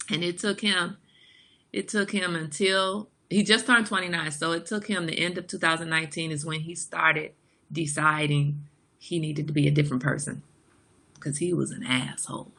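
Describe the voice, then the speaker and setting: A woman's voice: fairly low pitch, steady tone, normal speed, bright, forceful tone. A woman in her forties hosting a livestream, chatting frankly and jokingly with viewers and reading out their comments. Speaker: livestream host. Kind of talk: casual chat with live viewers.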